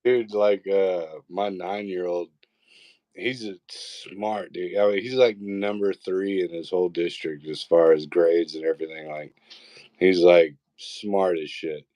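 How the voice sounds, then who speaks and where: Laid-back lower voice guy, dad telling kid stories, swears casual, dry sound. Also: steady tone, unhurried, mellow, no room sound. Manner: easygoing storyteller, swears casually. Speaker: co-host. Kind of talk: casual chat.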